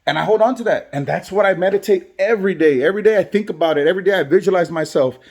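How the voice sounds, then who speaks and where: A man's voice: high voice, very fast, a little mellow. A man who is a barber and father, talking earnestly in a motivational vlog and repeating phrases for emphasis. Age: adult, has kids. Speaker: barber and vlogger.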